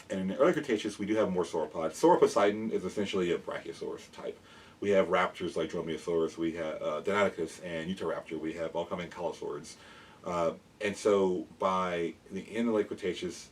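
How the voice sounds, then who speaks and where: A man eagerly explaining dinosaurs in a casual show-and-tell, rambling with quick restarts as he holds up figures. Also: low voice. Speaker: dinosaur educator and toy collector. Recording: mic at a distance, faint background noise.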